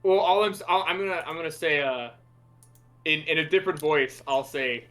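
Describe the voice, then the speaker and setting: A man's voice: on the high side, brisk, fairly bright tone. A man playing a tabletop role-playing game, talking hesitantly and playfully, with many restarts. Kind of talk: casual tabletop role-play chat.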